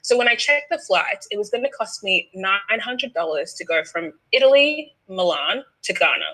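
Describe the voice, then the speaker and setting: A young Australian woman telling a story as a podcast guest, lively and laughing, acting out other people's lines. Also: medium pitch, moderate pace, rough recording. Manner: lively, laughing, acts out quoted voices. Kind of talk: casual storytelling.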